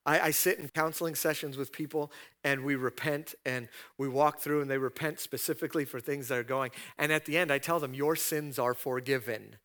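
A male pastor preaching a sermon, retelling scripture scenes and building to loud, emphatic repeated questions. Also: on the high side, steady tone, a little fast.

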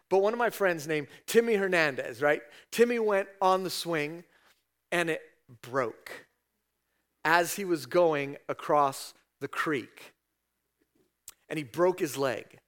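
A man's voice: on the high side, expressive, slow, a bit bright. A middle-aged man, a pastor, preaching a sermon in a conversational storytelling way, often tagging "right?" onto his sentences.

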